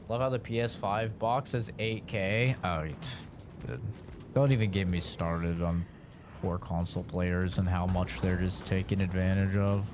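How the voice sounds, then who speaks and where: A man's voice: deep voice, background noise. A man streaming a horror game live, chatting casually and teasing viewers with plenty of swearing. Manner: teasing, profane, rambling.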